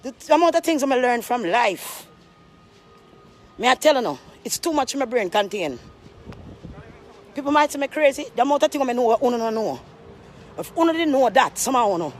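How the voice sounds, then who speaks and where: A woman's voice: on the high side, lively intonation, fairly quick, pauses often, a little hiss or hum. Emphatic woman telling a story. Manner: emphatic, repetitive, preachy asides. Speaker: vlogger. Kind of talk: rambling storytelling to camera.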